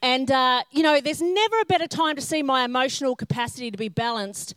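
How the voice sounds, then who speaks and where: A woman's voice: high voice, fairly quick, no echo. A middle-aged woman preaching a sermon, telling self-mocking stories and acting out the scenes. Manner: self-mocking humorous storytelling; animated, acts out scenes in character. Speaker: pastor.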